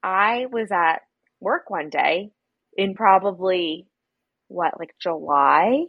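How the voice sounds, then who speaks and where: A woman's voice: fairly low pitch, slow, gravelly, breathy edge, no echo. Young American woman guest, chatty storyteller; dry, slightly dull recording. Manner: chatty storyteller, acts out quotes in animated voices. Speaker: podcast guest. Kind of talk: casual chat.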